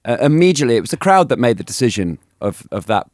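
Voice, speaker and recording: A man in his thirties telling animated stories as an interview guest, laughing and restarting often. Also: mid-range voice, fast talker, no room sound, studio quality. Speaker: guest, former cricketer. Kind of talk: casual storytelling interview.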